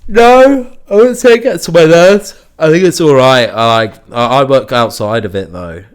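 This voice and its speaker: A young man in a casual podcast chat, telling a sweary, animated story and acting out the people in it. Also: on the high side, moderate pace, smooth. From Liverpool area, England. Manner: sweary, animated anecdote-telling with acted quotes. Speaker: podcast host.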